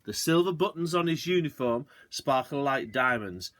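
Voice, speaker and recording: A man's voice: medium pitch, expressive, moderate pace, fairly bright tone, dry recording, clean studio sound. A male teacher reading a children's novel aloud expressively, shifting between character voices. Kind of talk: storybook read-aloud.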